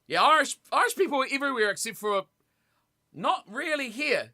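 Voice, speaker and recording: A young man streaming a rugby watch party, commentating on the play and chatting casually with his viewers, with sudden loud reactions. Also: very high-pitched, lively intonation, a little fast. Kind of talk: casual live commentary and chat.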